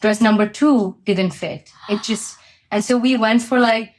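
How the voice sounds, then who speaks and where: A woman's voice: fairly high pitch, a little slow, darkish tone. A woman being interviewed as a company founder, telling a personal story candidly with many fillers.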